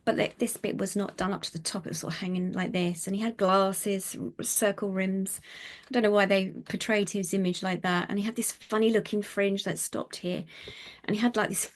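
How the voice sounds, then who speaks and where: A middle-aged woman, a psychic medium telling her life story in an interview, animated and chatty with many fillers. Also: medium pitch, normal speed. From United Kingdom.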